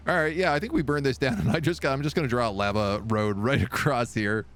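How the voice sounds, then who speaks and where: A man's voice: mid-range voice, fast talker, fairly bright tone. A man casually commenting on a strategy game he is streaming live, talking to his units and making playful sound effects.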